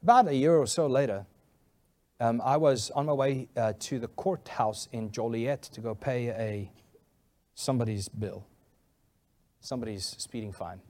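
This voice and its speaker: A male pastor telling a funny story in a sermon, animated and laughing often. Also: mid-range voice, normal speed, pauses often, a little hiss or hum.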